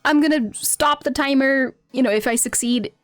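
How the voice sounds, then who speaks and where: A woman's voice: high voice, moderate pace, dry recording, clean studio sound, soft background music. A woman streamer chatting casually with her viewers during a game, giggling constantly and reacting playfully. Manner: giggly, laughs constantly between lines.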